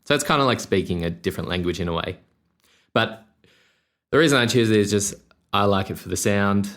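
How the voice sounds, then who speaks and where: Deep-voiced Australian man, rambling. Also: fairly quick. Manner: rambling, relaxed, many fillers and restarts. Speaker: podcast host and musician. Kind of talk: casual solo podcast monologue.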